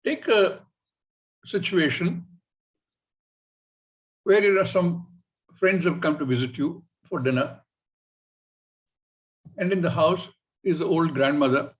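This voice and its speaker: A man with an Indian English accent, teaching a scripture class in a measured way and acting out everyday examples. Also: on the high side, highs cut off. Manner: measured, illustrative, acts out examples. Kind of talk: spiritual class lecture.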